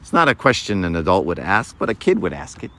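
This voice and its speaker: A man's voice: low-pitched, big pitch swings, quick pace, a bit bright. A man in his fifties giving a conversational faith talk to young people, often checking in with "right?" and acting out little scenes. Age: 50s. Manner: informal, keeps checking in with "right?"; acts out little scenes with changed voices.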